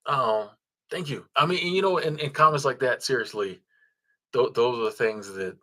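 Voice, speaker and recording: A man's voice: mid-range voice, moderate pace, sharp tone. A man, hosting a casual livestream, reading viewer comments and thanking supporters in a laid-back, chuckling way with lots of ums and restarts. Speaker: livestream host.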